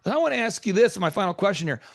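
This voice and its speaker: A man's voice: sits high, sing-song, rapid-fire, vocal fry, no room sound, studio quality. A man hosting a business coaching show, talking emphatically and rambling through stories with many restarts. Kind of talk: energetic coaching talk.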